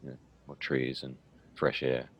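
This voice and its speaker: An Australian man hosting a relaxed English-learning chat, laughing easily and filling pauses with ums. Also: extremely low pitch, breathy edge, dull audio. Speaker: English teacher and channel host. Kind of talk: casual conversational interview.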